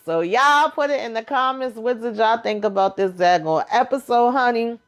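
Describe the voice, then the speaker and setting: A woman giving a casual recap of a TV episode, telling it in an animated, gossipy way and calling her viewers honey and child. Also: a little high, normal speed.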